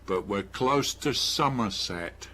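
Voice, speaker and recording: Slow-talking Gloucestershire man, low voice. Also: lively intonation, bright, forceful tone, a little hiss or hum. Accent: Gloucestershire English. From Gloucester, England. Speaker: participant. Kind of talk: casual online discussion.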